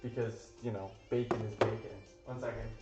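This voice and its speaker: A man's voice: on the low side, steady tone, brisk. Man chatting while cooking on a stream. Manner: loose and rambling, with fillers and casual swearing. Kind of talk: casual live-stream cooking chat. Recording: roomy, dull lo-fi sound with faint music.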